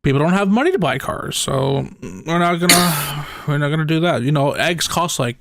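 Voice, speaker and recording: Man, podcast host, gravelly low rasp, dry close sound, rambling casual chat. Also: expressive, moderate pace, no echo. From United States. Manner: rambling, jokey, laughs often.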